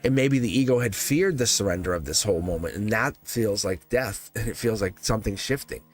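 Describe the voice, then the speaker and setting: A man's voice: on the low side, animated, brisk. A man hosting a live tarot reading in casual spiritual talk, rambling and repeating phrases, chuckling often. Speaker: tarot reader livestream host.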